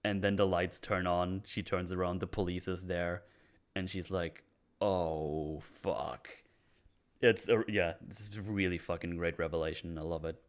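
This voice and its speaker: A man in casual chat, recapping a TV episode in a profane, excitable way and slipping into the characters' lines. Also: deep voice, normal speed.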